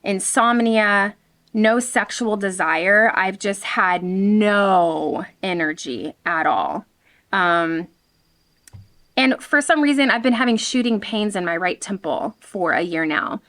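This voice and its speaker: A woman's voice: medium pitch, takes it slowly. Frank, chatty woman vlogger. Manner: frank and animated, talking straight to viewers. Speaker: vlog host. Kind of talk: candid personal vlog talk.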